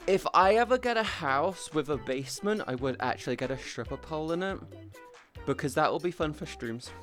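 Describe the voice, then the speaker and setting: A young British man streaming from home, rambling casually and chatting with viewers, now and then swearing. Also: mid-range voice. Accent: British English. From Britain. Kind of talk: casual live-stream chat.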